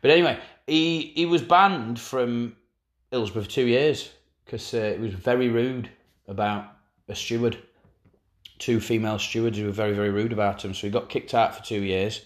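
A man's voice: medium pitch, steady tone, normal speed. Wry, sweary man telling stories. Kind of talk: casual banter.

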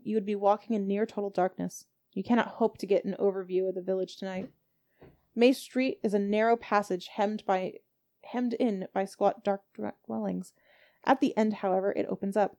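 Running her tabletop game, the game master reads the scene at a steady clip, stumbling slightly here and there. Her voice is mid-pitched and a little mellow.

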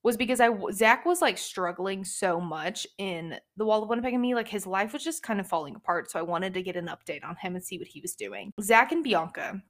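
A woman's voice: medium pitch, fairly quick, hardly any pauses. Chatty woman gushing about books. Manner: gushing, chatty, full of fillers. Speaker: book podcast host. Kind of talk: casual book review chat.

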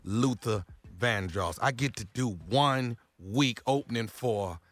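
A male radio comedian telling a playful, animated story. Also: mid-range voice, slow. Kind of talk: comic storytelling.

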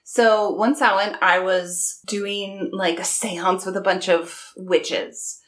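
Relaxed woman co-host telling a story. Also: medium pitch, takes it slowly. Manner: relaxed storyteller with easy laughs. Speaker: podcast co-host. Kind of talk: casual chat.

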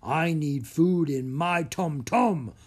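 A storybook narrator voicing a big-bellied ogre who is secretly a softie, chanting slowly. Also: medium pitch, husky. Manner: slow chanting.

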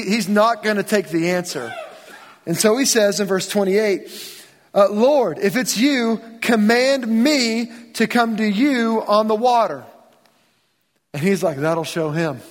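A man preaching in a church, his voice sitting high for a man. He retells scripture in a loose, conversational way, voicing the characters in modern slang. The sound carries a long reverb from the sanctuary. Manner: casual storytelling, acts out biblical dialogue in everyday speech. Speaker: pastor. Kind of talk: sermon.

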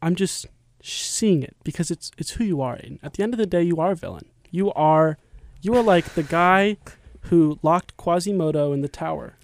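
A young man hosting a podcast, teasing his friends in playful banter and talking in quick restarts. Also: a little high, no echo. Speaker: podcast host. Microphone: studio microphone.

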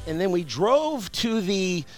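A male radio host telling an animated personal story, with many restarts. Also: high-pitched, slow, soft background music.

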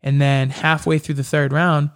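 This MMA fighter guest, a young man, speaks smoothly at a moderate pace in a voice on the high side. Recounting his fights in a relaxed interview, he gets animated and performs the back-and-forth dialogue.

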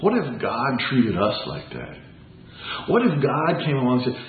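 A man's voice: medium pitch, sing-song, measured pace, vocal fry. A man preaching a sermon as pastor, earnest and conversational, asking the congregation rhetorical questions. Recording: echoey room, tinny phone-like sound.

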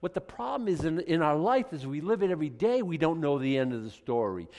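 A middle-aged pastor preaches a sermon in a fairly high voice at a quick pace. He's animated, acting out little voices and asides, including those of God and people.

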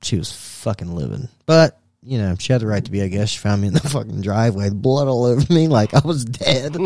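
A man's voice: medium pitch, darkish tone, no echo, studio quality. A man on a podcast casually telling a wild story, swearing a lot, laughing and acting out what people said. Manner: profane, laughing, acts out quoted voices. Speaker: podcast co-host.

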